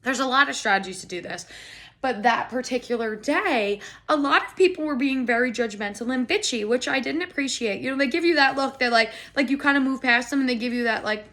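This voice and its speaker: This is a young woman with an American accent, a podcast host spinning a comedic story from her own life. Her voice sits slightly high and rings bright. She rambles casually, says "like" constantly and swears without a second thought. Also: fairly quick. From United States. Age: young adult. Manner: chatty and animated, with frequent "like" and swearing.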